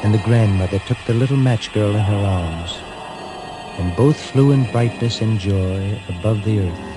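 A man telling a fairy tale in a gentle, dramatic storytelling reading with hushed pauses. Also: fairly low pitch. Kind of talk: scripted narration of a fairy tale. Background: music.

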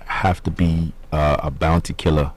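A man, a musician guest on a radio show, talking about his influences in a relaxed, hesitant way. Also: extremely low pitch, normal speed. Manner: relaxed, hesitant, many fillers. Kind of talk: casual radio interview.

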